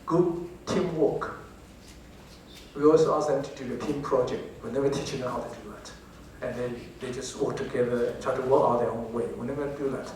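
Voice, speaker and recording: Man, Taiwanese accent, lecturing teachers, rhetorical questions, hall echo, faint background noise. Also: a little high. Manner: asks the audience rhetorical questions, repeats words. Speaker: professor giving a talk on English teaching. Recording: very echoey hall, distant from the mic, faint noise.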